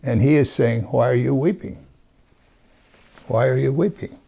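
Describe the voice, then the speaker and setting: A man with a gravelly, creaky voice preaches a sermon. He reads scripture and then comments on it, sometimes sinking to a soft, hushed tone to press a point home. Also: medium pitch, normal speed.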